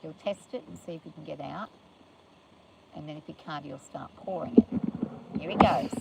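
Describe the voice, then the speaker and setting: A woman's voice: deep voice, normal speed, gravelly, noisy background. An older woman livestreaming from her farm in a chatty, rambling way, talking to viewers and scolding her animals playfully. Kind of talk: casual livestream chat. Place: outdoors on a farm.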